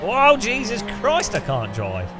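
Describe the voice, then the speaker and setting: A man's voice: sits high, wildly swooping pitch, measured pace. An Englishman streaming a racing game in casual, sarcastic chat with frequent laughs, with music playing behind. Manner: chatty, sarcastic, laughs often. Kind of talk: casual gaming commentary.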